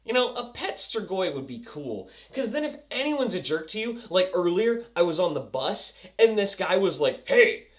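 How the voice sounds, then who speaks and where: A young man reviewing a TV episode, excitable and goofy, acting out scenes as he goes. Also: high-pitched, normal speed, hardly any pauses. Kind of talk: casual review vlog.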